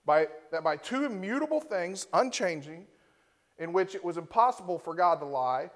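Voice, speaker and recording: A man with a somewhat high-pitched voice preaching a sermon to his congregation. He explains the meaning of old words and keeps checking in with the room by asking "right?". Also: lively intonation, moderate pace. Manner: teaching, often ends points with a rhetorical "right?"; reads Scripture aloud and defines Hebrew and Greek words. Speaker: pastor. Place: church before a congregation.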